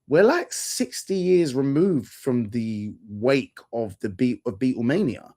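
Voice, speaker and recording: A man hosting a casual podcast chat, animated and quick, jumping into quoted voices as he talks. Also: medium pitch. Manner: animated, rapid asides, jumps into quoted voices. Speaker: podcast host.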